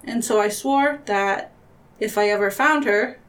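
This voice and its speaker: A woman's voice: medium pitch, unhurried, far from the mic, lightly acted. A woman voicing a young female elf rogue who tells her backstory in a chatty, rambling way.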